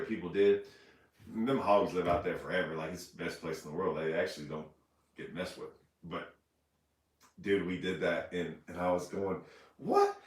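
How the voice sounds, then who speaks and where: A man's voice: mid-range voice, a bit bright, recorded from a distance. A man telling a rambling, laughing story on a casual livestream, recorded in an echoey room away from the mic. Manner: rambling, laughing, repeats himself. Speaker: fishing show host. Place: indoors, house room.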